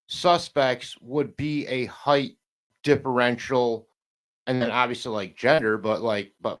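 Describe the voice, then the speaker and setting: A man talking casually as a podcast guest, rambling and halting with many restarts, now and then swearing and laughing. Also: mid-range voice.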